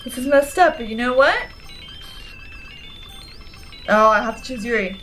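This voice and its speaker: Young woman, let's play commentary, reactive, fairly high voice, faint music behind. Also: quick pace, a bit bright. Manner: reactive, laughs often, casual swearing. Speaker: gaming video creator.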